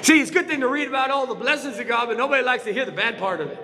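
A man's voice: very high voice, racing, pushed and bright, slight background noise. A male pastor preaching a sermon in a church, emphatic, firing rhetorical questions at his congregation. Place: church sanctuary. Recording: reverberant church hall.

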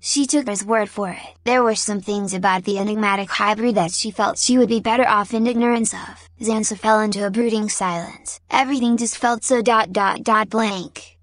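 A woman's voice: medium pitch, steady tone, moderate pace, hardly any pauses, no echo. Woman narrating a story, dry close sound. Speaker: audiobook narrator. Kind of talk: reading fan fiction aloud.

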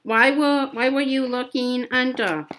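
A woman voicing a spiteful, sharp-tongued aunt while reading a novel aloud, stumbling and repeating words. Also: sits high, steady tone, unhurried, slight background noise.

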